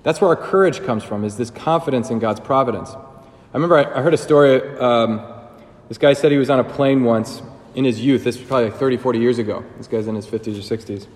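A man's voice: medium pitch, quick pace, a little mellow, roomy sound, big-room sound. A man giving a sermon as a priest, talking casually and conversationally with fillers and joking asides.

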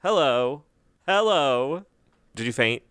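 Male podcast co-host, playful and teasing, mid-pitched, dry close sound. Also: big pitch swings, normal speed, fairly bright tone, dry recording. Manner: playful, reads a set list aloud. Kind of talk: casual chat.

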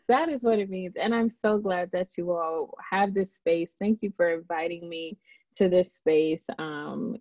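A woman's voice: fairly low pitch, no echo. Bubbly laughing woman podcast guest. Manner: bubbly, laughs often, playful. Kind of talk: casual podcast chat. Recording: dry, slightly dull recording.

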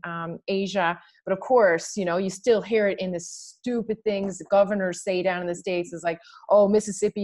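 Woman, podcast host, from Canada, animated, emphatic, casual chat. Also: mid-range voice. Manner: animated, emphatic, laughs often. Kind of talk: casual conversation.

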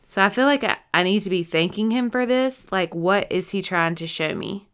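A young woman sharing her stroke recovery as a personal testimony, emotional and halting, full of fillers and restarts, teary and yawning. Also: medium pitch, lively intonation, a bit bright, smooth.

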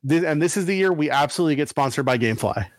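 A man talks quickly and brightly on a casual gaming podcast, his voice sitting a little high for a man. He reads listener mail and slides into joking, mock-furious rants. The sound is close and dry, with no room around it. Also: dry recording. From Italian heritage. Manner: fast, animated, mock-angry ranting. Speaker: podcast co-host. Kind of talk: casual chat, reading listener emails.

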